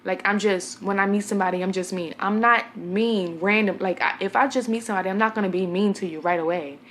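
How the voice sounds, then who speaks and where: Young woman vlogger from Brooklyn, medium-pitched, blunt and chatty, talks straight to her viewers. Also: a little fast, a bit bright, slight background noise. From Brooklyn, New York. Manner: chatty, blunt storyteller addressing viewers directly. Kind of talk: casual talk to camera.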